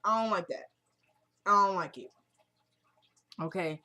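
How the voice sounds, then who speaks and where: Lady chatting thru a tv recap, kinda high voice, says stuff twice for emphasis. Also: expressive, moderate pace, bright, forceful tone. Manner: chatty, emphatic, repeats herself, retells scenes in quotes. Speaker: TV episode recap vlogger. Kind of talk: casual chat.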